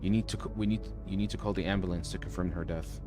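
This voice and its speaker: A man's voice: deep voice, fairly even intonation, fast talker, music in the background. A man streaming a horror game, reading its lines aloud with joking asides. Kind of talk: casual let's-play commentary.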